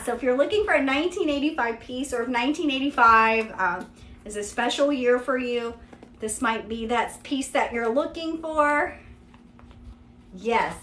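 This Kentucky host, whose Central Kentucky Southern drawl rings in a fairly high, bright, reverberant voice, runs a live-stream sales showcase for vintage luxury bags. She keeps it chatty and upbeat, leaning on fillers such as "yeah" and "there you go."

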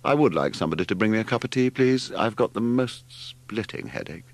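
A man's voice: lowish voice, lively intonation, brisk, dry recording. A man reading aloud, voicing a self-important young man who drawls with lofty superiority. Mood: haughty.

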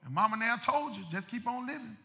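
A male pastor preaching a sermon in a church sanctuary, his impassioned delivery swelling into shouts and driving through rhythmic repetition. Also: very high-pitched, expressive, fast talker, vocal fry, in a large hall.

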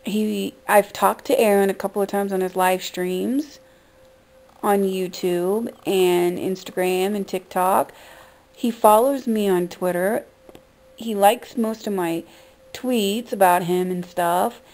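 A woman's voice: medium pitch, steady tone, slow pace, darkish tone, low-quality recording. A woman vlogger talking in an upset, profane rant, shocked and ranting. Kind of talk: emotional vlog rant.

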